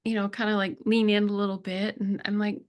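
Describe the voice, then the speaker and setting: A middle-aged woman speaking as a podcast guest, telling personal stories in an earnest, emotional way with slow reflective pauses. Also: medium pitch, level tone. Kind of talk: conversational interview.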